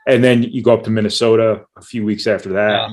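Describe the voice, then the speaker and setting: A man's voice: on the low side, level tone, fast talker, darkish tone. A man on a sports talk panel, giving analytical takes with occasional dry jokes. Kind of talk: sports talk show discussion.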